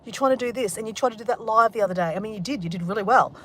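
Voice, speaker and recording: A woman's voice: mid-range voice, rapid-fire, fairly bright tone, slight background noise. A woman vlogging in casual talk, candid and emotional, and swearing freely.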